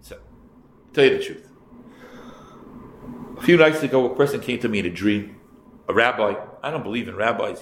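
Gruff middle-aged skeptic, blunt and halting, creaky; a man doing him as he tells the tale. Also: medium pitch, a bit bright. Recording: echoey room, faint background noise.

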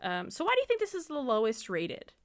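A woman co-hosting a podcast in casual chat, animated and exasperated, laughing often. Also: high-pitched, fairly quick. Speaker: podcast co-host.

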